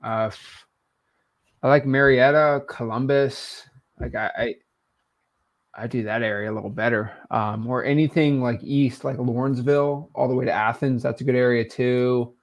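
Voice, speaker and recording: A man in his twenties, a coach hosting a live call, relaxed and teasing, with plenty of fillers. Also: mid-range voice, normal speed. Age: 20s. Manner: laid-back, teasing, with many fillers.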